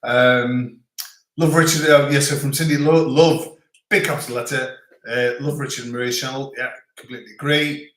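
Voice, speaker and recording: A male livestream host reads out viewer comments in a joking, rambling way, chatting casually with many restarts in an echoey room. His voice is medium-pitched and a bit bright, with fairly even intonation, a slightly fast pace, and few pauses.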